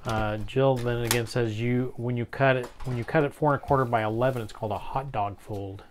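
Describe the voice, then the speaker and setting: A man co-hosting a casual live craft stream, reading viewer comments aloud in a relaxed way. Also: medium pitch, brisk, a crowd in the background.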